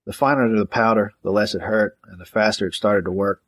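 A man narrating a gritty crime novel in a steady, matter-of-fact audiobook reading. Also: lowish voice, fairly quick.

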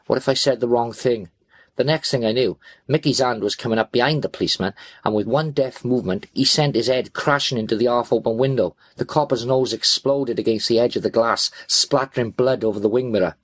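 A man narrates a gritty first-person crime story in a tense, blunt, expletive-laden voice. His pitch sits in a middle range. The recording is close and dry, with no room sound. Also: dry recording. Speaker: audiobook narrator.

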